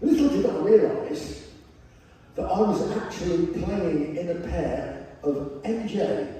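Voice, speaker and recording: High-voiced man telling stories on stage. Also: takes it slowly. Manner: wry, self-mocking, animated. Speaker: spoken word performer. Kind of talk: comic stage storytelling. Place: large theater stage. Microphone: camera in the front row of the audience. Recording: distant echoey theater hall, crowd noise.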